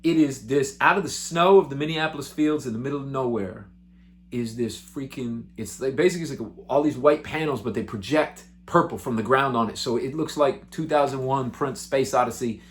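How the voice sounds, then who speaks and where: A male musician hosting his own show, telling road stories to the camera in an excitable, animated, chatty way. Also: medium pitch, fairly quick. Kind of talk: casual storytelling to camera.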